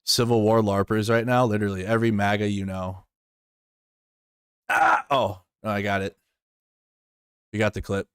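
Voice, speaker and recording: Man, somewhat low voice, smooth, dry sound, casual live stream, swearing, rambling. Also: flat delivery, a little fast, dry recording. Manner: loose, profane, rambling with many restarts. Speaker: streamer reacting to news.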